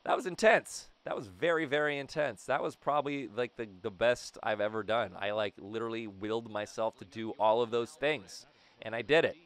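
A young man giving excited commentary on his own gameplay, talking to himself, his throat a little raspy. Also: on the low side, fairly quick. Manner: hyped, talks to himself and the game. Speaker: gaming video host.

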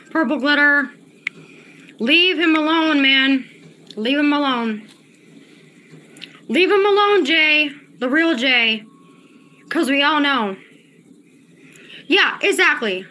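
A woman's voice: high voice, expressive, slow, long pauses, sharp tone, a little hiss or hum. A woman livestreaming and talking to her chat, agitated and profane, often repeating herself. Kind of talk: casual livestream chat, reading chat.

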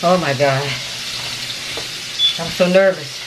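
A woman with a drawl talks straight to her viewers while she cooks at home, calling them honey and y'all. Her voice sits low. Frying sizzles clearly under her in a noisy kitchen recording. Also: slow pace. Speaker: family vlogger. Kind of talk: casual cooking vlog.

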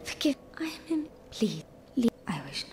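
An actress playing a meek young female fire keeper in a video game, speaking in a hushed, halting whisper. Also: a little high, big pitch swings, slight background noise. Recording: game audio with faint music.

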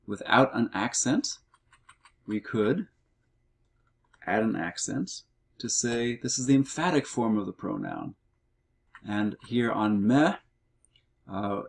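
A middle-aged male teacher takes a homework walkthrough at an unhurried pace. His fairly low voice has a gravelly, creaky edge, and he explains carefully, with the odd filler. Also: a little mellow. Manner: slow, measured explaining with fillers. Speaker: Greek teacher. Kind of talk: recorded homework walkthrough lesson.

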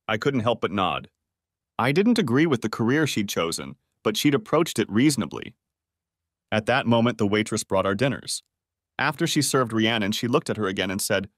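Man, audiobook narrator, first-person story, lively pitch, dry close mic. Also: fairly quick, dry recording.

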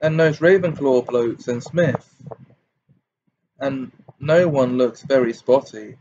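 A man reading aloud and voicing a blunt, excitable teenage boy wizard. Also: medium pitch, slow, highs cut off, a little hiss or hum.

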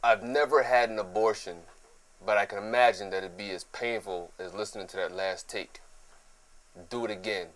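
A man's voice: on the low side, moderate pace, a bit bright, close to an everyday voice. A man playing a crude, insulting male music producer who tears apart a singer's takes with profane put-downs. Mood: scornful. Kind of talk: comedy sketch acting.

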